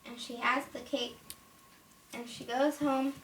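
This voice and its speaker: A woman's voice: sits high, flat delivery, slow pace. Woman, toy reviewer, rambling storytelling, faint background noise, distant mic. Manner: rambling, casual. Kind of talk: toy unboxing and story retelling. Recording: roomy, from far off, faint noise.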